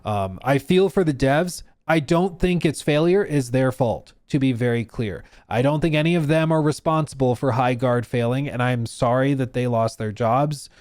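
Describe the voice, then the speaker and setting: A man's voice: mid-range voice, normal speed, few pauses, a little mellow. A man streaming live, ranting through reaction commentary with emphatic repetition. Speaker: streamer and host.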